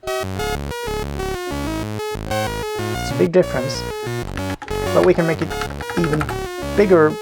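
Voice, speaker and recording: A man calmly explaining his programming step by step, thinking aloud as he works. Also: on the high side, moderate pace, creaky, over music. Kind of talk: screen-recorded coding tutorial.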